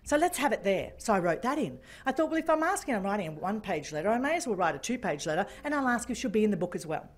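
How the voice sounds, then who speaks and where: A woman giving a keynote talk, telling a story with lively, animated delivery and acting out phone calls. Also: medium pitch, fast talker, few pauses. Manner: animated, acts out phone calls in different voices. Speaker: keynote speaker. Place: function room.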